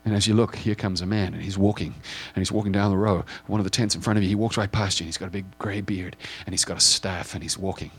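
A man's voice: low-pitched, steady tone, quick pace, hardly any pauses, fairly bright tone, slightly rough. A man preaching as he guides listeners through a vivid scripture scene in the second person, with repetitive phrases that build in intensity.

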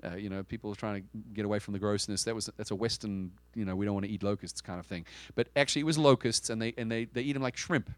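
A man's voice: fairly low pitch, fast talker, hardly any pauses, no echo. Male pastor, conversational sermon delivery, punchy emphasis, dry room. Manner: conversational and emphatic, with rhetorical questions and frequent restarts.

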